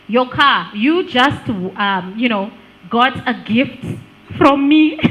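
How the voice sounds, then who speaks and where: A woman gives an engaging live workshop talk, her voice riding fairly high with a very animated, swooping pitch. She quizzes the room and laughs readily as she talks. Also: poor audio. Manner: lively, engaging, asks the room questions, laughs often. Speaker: speaker on digital branding.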